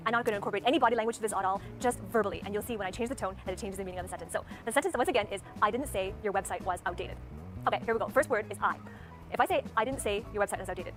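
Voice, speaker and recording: A woman talking very fast as she explains speaking techniques. Her enunciation is crisp and her delivery instructive, with her voice sitting at an average pitch. Faint music plays behind her. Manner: brisk, clearly enunciated teaching delivery. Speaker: speaking coach. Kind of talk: instructional talk to camera.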